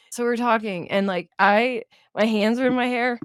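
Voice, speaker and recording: A woman's voice: a little high, steady tone, moderate pace, hardly any pauses, clean tone, no echo, clean studio sound. A woman co-hosting a podcast, telling a dating story in casual chat, laughing often and acting out her own thoughts. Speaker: podcast co-host.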